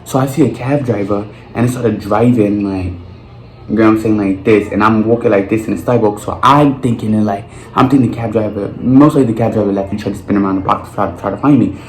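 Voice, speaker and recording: A young man tells a story to camera in an animated, profane way, full of slang. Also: lowish voice, quick pace. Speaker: vlogger. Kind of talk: storytime monologue. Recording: roomy with faint noise.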